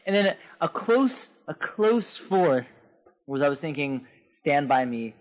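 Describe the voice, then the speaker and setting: A man's voice: sing-song, takes it slowly. A man co-hosting a casual podcast, playful and joking. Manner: playful, breaks into falsetto singing. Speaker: podcast co-host.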